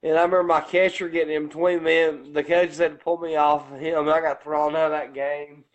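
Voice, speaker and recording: A man's voice: level tone, fairly quick, highs cut off. Profane Southern man telling stories. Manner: loud, profane storytelling, acting out his own coaching lines in a deep growl. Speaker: co-host. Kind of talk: casual storytelling chat.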